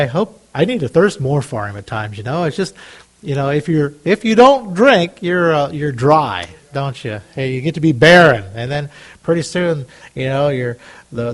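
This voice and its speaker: A fairly high-voiced man preaching to a congregation. He talks in a loose, conversational way, with repeated words and restarts, and reads scripture aloud. His voice climbs louder and higher when he voices prayers. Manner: rises loud and high on prayers. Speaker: pastor. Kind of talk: sermon.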